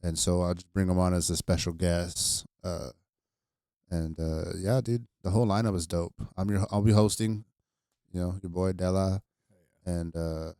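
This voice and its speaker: A young man with a low, smooth voice chats easily on a podcast, spinning comedy-club stories in loose slang. The sound is close and dry. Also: steady tone, normal speed, mellow, dry recording. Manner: laid-back storytelling with frequent slang. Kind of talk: casual podcast chat.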